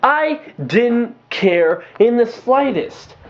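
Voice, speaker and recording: A man casually reviewing movies in a rambling, excitable way, full of fillers and restarts. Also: extremely high pitch, very slow. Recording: dull lo-fi home recording.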